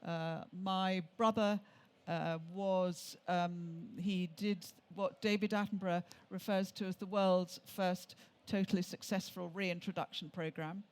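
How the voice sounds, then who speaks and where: An older woman from England, an author and tour leader, telling chatty travel anecdotes on stage with frequent restarts. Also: on the low side.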